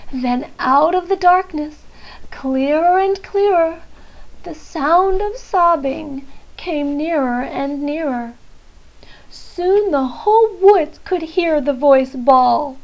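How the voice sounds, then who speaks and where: Woman narrating a rhyming picture book; very high, gentle, unhurried read-aloud. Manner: gentle, rhythmic rhyming delivery. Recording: dull lo-fi recording.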